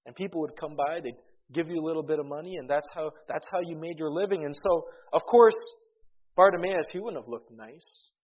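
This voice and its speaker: A man's voice: a little high, brisk, breathy edge. A man preaching a sermon in an earnest way, often repeating words as he starts a phrase and reading scripture aloud in old-fashioned wording. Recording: dull lo-fi recording.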